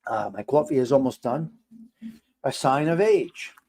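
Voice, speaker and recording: Middle-aged male livestream host, exasperated ranter, loud bursts and quiet mutters. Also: medium pitch, a little slow. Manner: animated, exasperated ranting with swearing. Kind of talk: casual livestream talk reacting to chat.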